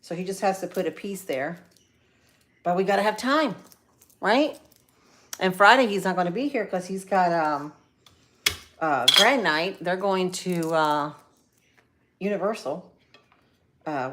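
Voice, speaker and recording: Middle-aged woman, cooking vlogger, slightly low voice, chatty and rambling, home kitchen. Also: unhurried, long pauses, a bit bright. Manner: chatty, rambling, frequent fillers and asides to viewers. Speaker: cooking vlogger on a live stream. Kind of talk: casual chat while cooking.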